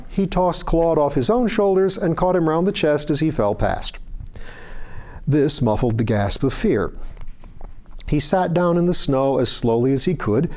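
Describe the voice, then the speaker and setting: A man's voice: mid-range voice, a little mellow. Man reading a story aloud. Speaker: reader. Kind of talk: audiobook reading of fiction.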